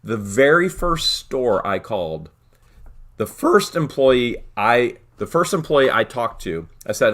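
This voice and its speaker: Lively-pitched man telling a story. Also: unhurried. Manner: animated, acts out quoted voices. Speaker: channel host. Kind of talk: casual storytelling chat.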